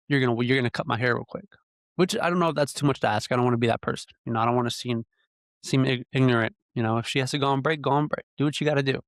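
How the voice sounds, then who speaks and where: A young man hosting a podcast, telling a rambling personal story in a relaxed conversational way, full of "you know" and "like". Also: mid-range voice, no echo, clean studio sound. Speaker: podcast host. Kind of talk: casual solo storytelling.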